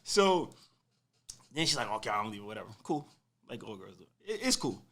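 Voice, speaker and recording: A young man casually telling a personal story on a podcast, animated and full of slang, acting out what people said. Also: on the low side, fairly quick. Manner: animated, slangy, acts out quotes.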